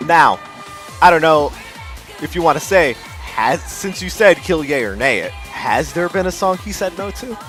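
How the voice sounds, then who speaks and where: A man co-hosting a podcast, asking questions and teasing with quick laughs. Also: fairly high pitch, big pitch swings, a bit bright, faint music behind. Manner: teasing interviewer, laughs easily. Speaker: podcast co-host. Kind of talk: casual podcast chat.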